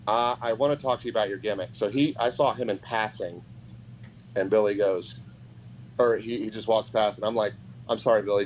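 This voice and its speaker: A man, a guest on a podcast, telling a story casually and acting out the other people in it. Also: fairly low pitch. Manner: animated, acts out quoted voices. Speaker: podcast guest, pro wrestler. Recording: dull lo-fi podcast audio with faint noise.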